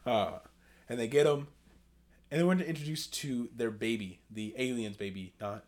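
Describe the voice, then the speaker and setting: A man co-hosting a casual podcast, recapping a movie in an excitable, animated way. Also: mid-range voice, moderate pace. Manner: excitable, animated, says bro. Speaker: podcast co-host. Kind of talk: casual chat.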